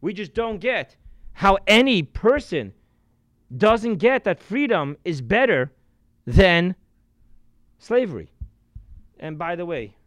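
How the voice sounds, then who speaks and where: A man, a rabbi, giving a sermon to a live audience in a room, telling stories and shifting from loud emphasis to quiet asides. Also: sits high, sing-song, takes it slowly, pauses often.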